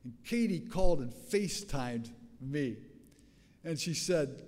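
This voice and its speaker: A raspy-voiced older man delivers a sermon in a loose, conversational storytelling manner, often restarting his phrases. His voice sits a little high for a man. The recording carries the long reverb of a church sanctuary. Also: animated, takes it slowly, darkish tone. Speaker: pastor.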